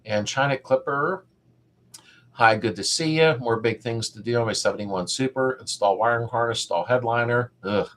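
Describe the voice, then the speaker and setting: A man's voice: mid-range voice, moderate pace, a bit bright. A middle-aged man hosting a casual live stream, rambling as he reads viewers' comments aloud and greets them by name.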